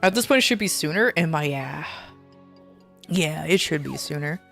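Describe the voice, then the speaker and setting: A woman's voice: low-pitched, animated, moderate pace, gravelly, a bit bright, faint music behind. A woman VTuber streamer chatting casually while gaming, rambling and ranting in an exasperated way.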